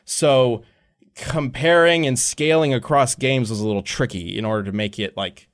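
A man's voice: mid-range voice, normal speed. A man hosting a podcast in casual chat, rambling with many fillers and casual swearing. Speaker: podcast host.

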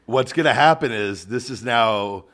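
A middle-aged man hosting a casual podcast, teasing and swearing freely in loud, joking banter. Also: mid-range voice, normal speed. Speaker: podcast host.

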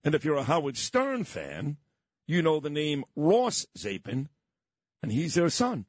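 A man's voice: fairly high pitch, wildly swooping pitch, a little slow, no room sound. A middle-aged man from Brooklyn, hosting a morning radio show and telling stories in a nostalgic way. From Brooklyn, New York. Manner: nostalgic, storytelling. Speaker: radio host. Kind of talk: casual radio chat.

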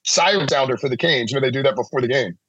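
A man's voice: medium pitch, animated, quick pace, fairly bright tone, slightly rough, no room sound. A man appearing as a guest sportswriter in casual podcast chat, rambling and self-deprecating, with frequent laughs.

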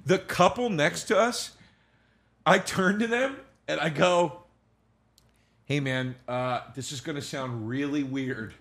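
A man's voice: fairly high pitch, slow pace, a bit bright, breathy edge. A man telling stories in a casual podcast chat, acting out dialogue and swearing freely. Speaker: guest comedian.

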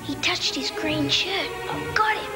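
A woman's voice: very high voice, measured pace. A woman playing a triumphant player in an old television advertisement, speaking in a gloating, breathless way. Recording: old TV ad, echoey, with loud music.

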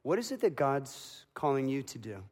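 A man preaching a dramatic sermon as a pastor, building to loud emotional peaks. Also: medium pitch, big pitch swings, normal speed. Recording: long reverb of a large hall.

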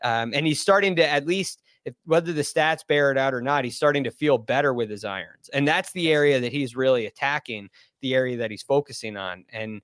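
A man's voice: mid-range voice, a little fast, a bit bright, no echo. A man with a mid-range voice talks eagerly on a casual sports podcast. He speaks in a chatty way, with frequent ums. The recording is dry and close. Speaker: podcast analyst.

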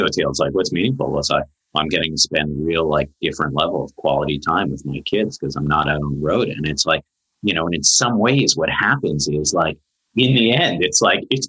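A man's voice: brisk, pushed and bright, breathy edge, poor audio. A man speaking as a therapist guest in a casual podcast conversation, earnest and rambling, with many fillers and voices for quoted people. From Canada. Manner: rambling, earnest, many fillers, high-pitched when quoting.

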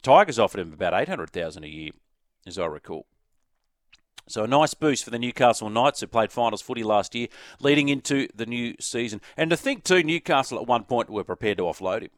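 An Australian man hosting sports talk radio, chatting quickly and inviting listeners to send in texts. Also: mid-range voice, lively intonation, dry recording, studio quality. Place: radio studio. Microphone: studio microphone.

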